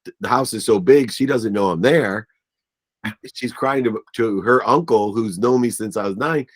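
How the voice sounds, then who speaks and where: A man's voice: on the low side, normal speed. A man, a business coach, telling emotional family stories in an interview, acting out the voices of relatives and getting choked up at times.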